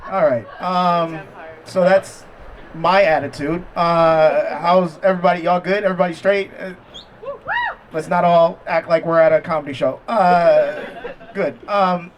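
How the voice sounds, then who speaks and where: A man's voice: fairly high pitch, steady tone, a little slow, dull audio. A man performing a stand-up set at an outdoor backyard show, talking conversationally and mocking himself between punchlines. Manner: conversational, self-deprecating punchline delivery with crowd asides. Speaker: stand-up comedian.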